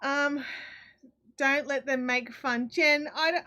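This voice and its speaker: Australian woman, live craft stream host, casual rambling chat at a home desk mic, voice pitched a touch high. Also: fairly even intonation, slow, bright, forceful tone. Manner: chatty and rambling, with frequent ums and self-corrections. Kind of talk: casual chat, reading viewer comments aloud.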